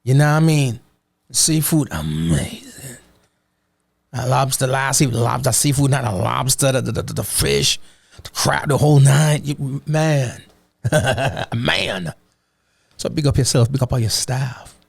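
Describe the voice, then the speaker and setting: A man from Jamaica talks in a loose, animated way, his accent thickening into patois phrases. His voice has a gravelly grain. The recording is dry and close, with no room sound. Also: medium pitch, a little slow, no echo. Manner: animated, slips into patois phrases, repeats "you know what I mean". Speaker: vlogger. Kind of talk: casual travel chat.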